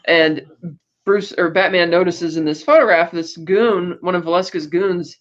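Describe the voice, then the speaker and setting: Slightly high-voiced man retelling a movie plot on a podcast, loose and rambling with fillers and restarts, dropping into quick character voices. The audio is dull and lo-fi. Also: steady tone, fairly bright tone. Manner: acts out character quotes. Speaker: podcast host. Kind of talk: casual film recap.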